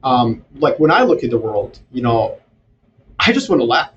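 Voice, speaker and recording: A man who grew up in Europe and the Middle East, talking as a podcast guest in a sarcastic, animated way with mocking asides. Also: medium pitch, moderate pace. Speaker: guest strategist. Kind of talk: casual podcast conversation. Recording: distant, dull, slightly noisy remote audio.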